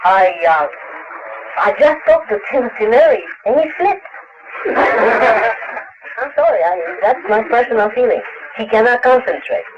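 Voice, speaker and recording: A man tells stories at a lecture question session, halting and restarting, dropping fillers and laughing often. His voice sits high and swings widely in pitch. The dull, lo-fi 1960s tape carries a steady hiss. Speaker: interviewed author. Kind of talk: lecture Q&A, casual storytelling.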